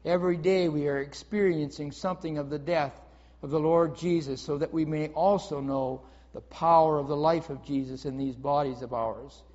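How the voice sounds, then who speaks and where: A man's voice: a little high, fairly even intonation, moderate pace, darkish tone. A man preaching a sermon in an earnest way, reading scripture aloud and explaining it, often repeating his phrases. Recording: dull audio with long hall reverb.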